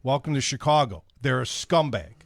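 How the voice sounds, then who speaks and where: A man's voice: medium pitch, lively intonation, moderate pace, vocal fry, no echo. A man from Brooklyn hosting a home-improvement radio show, talking bluntly and casually. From Brooklyn, New York. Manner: blunt, brash.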